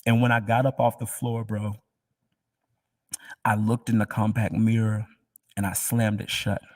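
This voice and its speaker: A man telling his personal faith testimony in an emotional, halting way, often dropping to a near whisper. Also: lowish voice, flat delivery, dry recording, distant mic.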